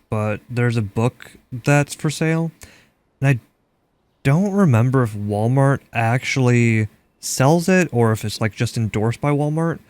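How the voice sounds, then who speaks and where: His medium-pitched voice has a darkish tone as this young Minnesota streamer chats casually over his game. He rambles and uses "like" heavily.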